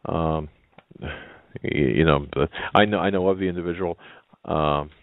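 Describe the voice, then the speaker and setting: A man's voice: very deep voice, unhurried, dry recording. A man hosting a talk radio show, speaking hesitantly and thoughtfully with many restarts. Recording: dry, narrow phone-like sound.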